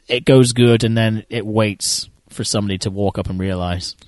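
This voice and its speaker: A man's voice: fairly low pitch, steady tone, normal speed, darkish tone, dry recording. A man chatting casually while watching a film, joking, swearing and laughing often. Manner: profane, laughs often, jokey. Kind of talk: casual chat.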